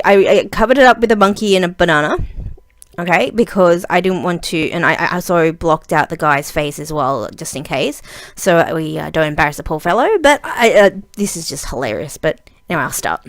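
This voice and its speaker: A young woman telling a funny story to camera in a chatty, giggly way, with lots of fillers and lively retellings of a conversation. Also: lowish voice. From Australia. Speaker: vlogger. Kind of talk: casual storytelling vlog.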